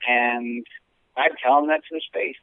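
Animated man on a tinny phone-like line. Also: mid-range voice, normal speed, smooth, no room sound. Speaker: comedian podcast co-host. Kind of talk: casual chat.

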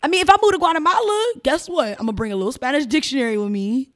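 Animated woman with a Chicago accent. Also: high-pitched, rapid-fire. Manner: animated, emphatic storyteller who slips into mimicked voices. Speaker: podcast guest. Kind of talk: casual interview chat.

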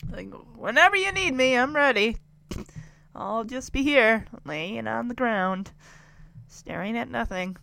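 A woman's voice: on the high side, lively intonation, measured pace, vocal fry, sharp tone, no echo, voice pushed down, exaggerated voice. A woman voicing a kindly, easygoing grandmother who answers in a breezy, offhand way.

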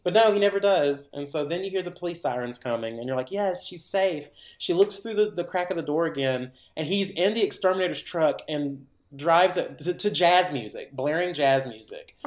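A man's voice: on the high side, moderate pace. Podcast co-host, male, chatty and rambling, echoey room sound. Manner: animated rambling retelling full of "like"s. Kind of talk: casual chat. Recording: roomy echo.

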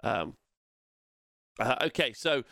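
A man's voice: medium pitch, sing-song, slow, creaky, bright, forceful tone, dry recording, clean studio sound. A man hosting a show and casually running through tournament results, rambling with lots of fillers and self-corrections. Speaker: host.

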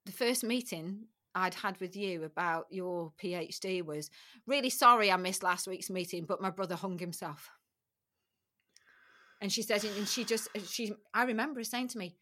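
Bright-voiced woman, frank and emotional. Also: mid-range voice, normal speed. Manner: frank, emotional recounting with repeated phrases. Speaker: podcast guest. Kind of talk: candid personal interview.

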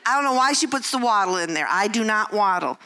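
An older woman speaks with a bright, clear voice at a middle pitch. She tells candid, self-deprecating stories from her family life in a devotional talk, breaking into little acted-out quotes. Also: animated, fairly quick, slight background noise. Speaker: Christian speaker.

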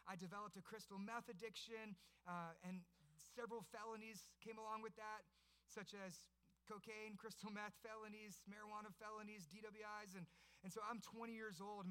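Bright high-voiced preaching man. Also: clean tone. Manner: storytelling, builds to loud passionate preaching. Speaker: pastor. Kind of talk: sermon.

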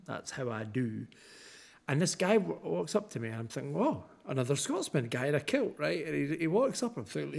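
A man's voice: fairly high pitch, a little fast, creaky, few pauses, breathy edge. A young Scottish man co-hosting a podcast, telling a story in casual chat and acting out the dialogue. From Scotland. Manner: animated storyteller, acts out dialogue. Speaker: podcast co-host.

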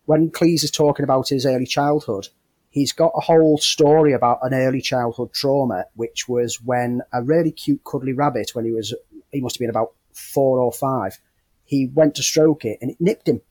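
A man's voice: medium pitch, fairly even intonation, normal speed, a little mellow, no echo. Chuckling man with a mid-range voice. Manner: amused, chuckling, trailing off into laughter. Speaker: podcast co-host. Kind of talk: casual film chat.

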